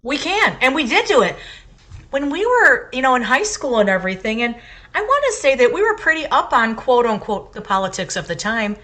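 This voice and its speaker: A woman's voice: high-pitched, sing-song, fairly quick, fairly bright tone. A middle-aged woman co-hosting a casual talk podcast. She speaks her mind with passion and leans hard on her points, repeating them for emphasis. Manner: impassioned, emphatic opinion-giving. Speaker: podcast co-host. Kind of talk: casual chat.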